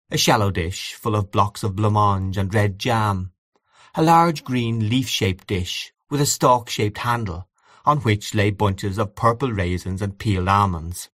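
A man narrating classic fiction as an audiobook, in a measured, expressive reading. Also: on the low side, no room sound, clean studio sound.

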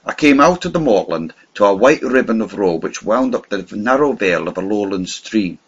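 Male audiobook narrator, husky, expressive pitch, measured storytelling, muffled lo-fi recording.

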